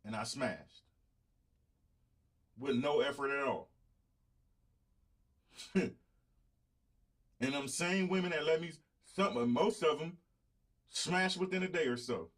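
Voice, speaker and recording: A man's voice: fairly high pitch, slow pace, long pauses, fairly bright tone. A man, hosting his own show and lecturing viewers bluntly in casual live-stream talk. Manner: blunt, preachy, talks straight to viewers. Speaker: show host.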